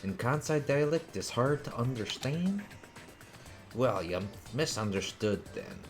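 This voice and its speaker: A man voicing a male bug creature from a game with a drawling, gruff country way of talking. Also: medium pitch, lively intonation, unhurried, faint music behind, pitched above the performer's own voice, lightly acted. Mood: irritated. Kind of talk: reading game dialogue aloud.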